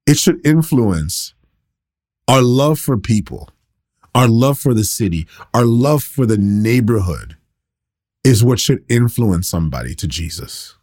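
A man's voice: medium pitch, sing-song, unhurried, darkish tone. A man in his thirties, a pastor, teaching the Bible in a casual, conversational way, laughing often and poking fun at himself.

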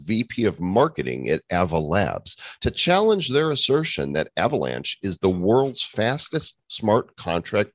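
A man's voice: lowish voice, no room sound. A man co-hosting a podcast, reading an intro and then chatting in a joking, casual way. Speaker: podcast co-host.

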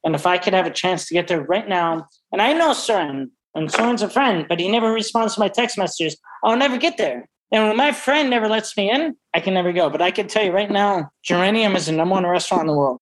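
A middle-aged man, a restaurant owner, talking brashly and profanely in a casual interview, full of excited stories. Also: sits high, fairly quick, few pauses, poor audio. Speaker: restaurant owner and wine expert.

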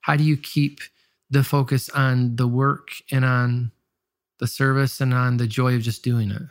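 A man's voice: mid-range voice, flat delivery, unhurried, no room sound, clean studio sound. A pastor and musician with a nasal Michigan accent, talking candidly and reflectively in an interview, often restarting his sentences. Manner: candid, self-questioning, many restarts. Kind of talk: reflective casual interview talk.

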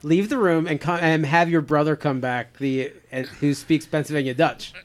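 A man's voice: on the high side, steady tone, moderate pace. Teasing talk show host, man. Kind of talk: casual talk show banter.

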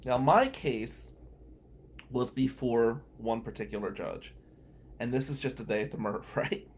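Slight background noise sits behind a man with a medium-pitched voice and a measured pace. He's a lawyer and podcast host, delivering a monologue of wry, incredulous stories from his job.

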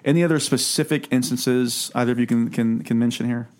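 A man hosting a casual podcast chat about a book, sarcastic and quick to laugh, reading quotes aloud. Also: medium pitch, steady tone, a little mellow. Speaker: podcast host.

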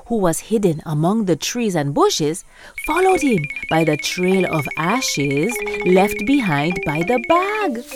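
A woman narrating a children's story in a bright, expressive way, her mid-range voice rising and falling with lots of movement. Soft music plays faintly underneath her storytelling. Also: fairly low pitch. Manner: lively, expressive, asks listeners questions.

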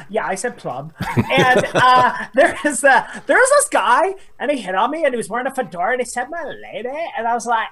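A man's voice: very high voice, very animated, normal speed, pushed and bright, pitched above the performer's own voice, full character voice. A man voicing a young woman who giggles as she gossips about being hit on at a bar. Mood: gossipy.

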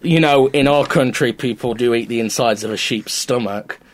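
A man's voice: mid-range voice, normal speed. A man co-hosting a podcast, chatting casually and joking around. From England. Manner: jokey, banters and does silly voices. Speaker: podcast co-host. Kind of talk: casual chat.

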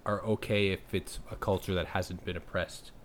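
A man's voice: deep voice, little pitch movement, normal speed, slight background noise. A man co-hosting a casual podcast, asking rambling questions and joking around. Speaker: podcast co-host. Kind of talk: casual chat.

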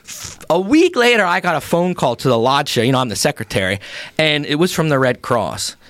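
A man's voice: a little high, a little fast, no echo. A man playing a chatty Pennsylvania Dutch lodge secretary, spinning a rambling comic tale in a folksy Pennsylvania Dutch accent. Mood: folksy, amused. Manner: rambling, animated, acts out every speaker in the tale. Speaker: podcast contributor telling a story. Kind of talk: comedic character storytelling.

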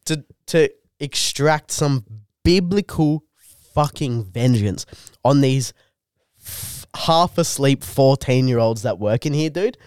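A young man co-hosting a podcast, telling stories in profane, drawn-out mock rants. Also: medium pitch, expressive, a little mellow, clean tone, no room sound, studio quality. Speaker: podcast co-host. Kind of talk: crude casual banter.

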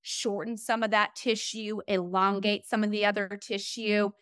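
A middle-aged woman, a fitness trainer guest on a podcast, explaining in an animated way full of "like" and "right?". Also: mid-range voice, moderate pace, clean tone, dry recording, clean studio sound.

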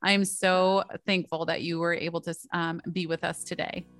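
A woman's voice: fairly low pitch, flat delivery, moderate pace, fairly bright tone. A woman hosting a parenting podcast, affirming her guest with enthusiasm and asking long, rambling questions. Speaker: podcast host. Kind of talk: casual podcast conversation. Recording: dry close mic, faint music behind.

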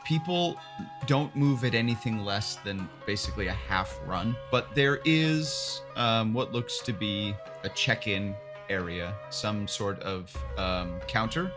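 A game master describing scenes in a tabletop game in an animated, chatty way. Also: mid-range voice, a little slow, music in the background.

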